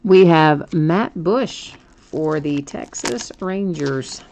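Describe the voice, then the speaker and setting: Woman host, low voice, chatty card-break patter, faint noise behind. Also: animated, extremely slow, creaky, a little mellow. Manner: chatty, thinks aloud, frequent laughs. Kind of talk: live card break chat.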